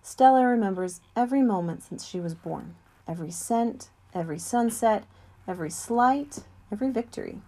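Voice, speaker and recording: Woman audiobook reader, calm and measured storybook narration. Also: medium pitch.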